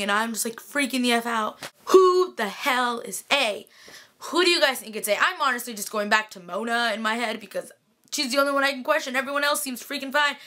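A woman's voice: on the high side, pushed and bright. A young woman in casual chat, recapping a TV episode for her viewers, sighing often and gushing like a fangirl with lots of "like" and "freaking.". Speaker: TV recap vlogger.

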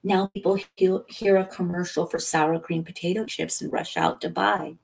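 A woman reads a novel aloud as a calm, unhurried bedtime story. Her voice sits low and gravelly, with a husky edge. She lifts her pitch for the characters' lines. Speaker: audiobook reader.

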